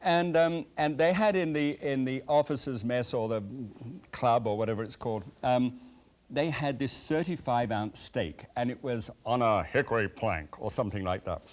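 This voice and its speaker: An older man from England with an English accent, hosting a cooking show in a chatty, animated way, tasting food as he talks. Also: mid-range voice, moderate pace. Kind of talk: cooking demonstration chat.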